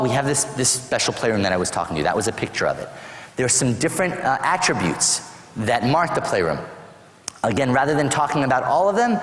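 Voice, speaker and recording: Male seminar presenter, lively storyteller voice, echoing hall with a long tail. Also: mid-range voice. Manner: animated storyteller acting out parent dialogues. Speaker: autism program presenter. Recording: echoey hall with long reverb.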